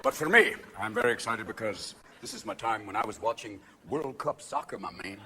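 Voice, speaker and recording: A man doing live stand-up comedy with a manic delivery, jumping between bursts of shouting and asides. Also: lowish voice, lively intonation, a little fast, a little hiss or hum. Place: live comedy stage with laughing audience. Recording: live show audio with crowd laughter.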